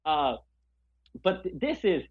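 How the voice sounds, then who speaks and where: A man co-hosting a podcast in casual chat, passionate and halting, often searching for his words. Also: high-pitched, very animated, husky, dull audio. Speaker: podcast co-host.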